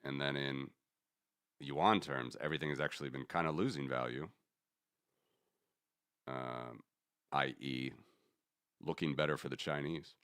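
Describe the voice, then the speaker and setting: A man's voice: very deep voice, steady tone, a little slow, long pauses, fairly bright tone, clear, resonant tone, no echo, clean studio sound. A man hosting a casual commentary stream, rambling and correcting himself as he talks through charts. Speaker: host.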